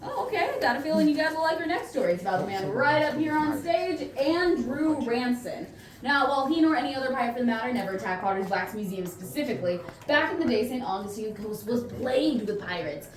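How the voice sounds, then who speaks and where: A young woman guiding a ghost tour, telling scripted stories with playful puns and chatting with the crowd. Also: on the high side. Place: outdoors on a night tour stop. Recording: echoey, distant, faint noise.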